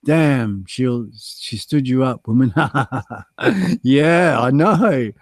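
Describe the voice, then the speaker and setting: A man's voice: medium pitch, expressive, very slow, no echo. An Australian man hosting a casual livestream chat, reading out the chat and joking about being stood up, with lots of ums and uhs. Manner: chatty, self-mocking, reads chat aloud with many ums. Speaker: livestream guest host.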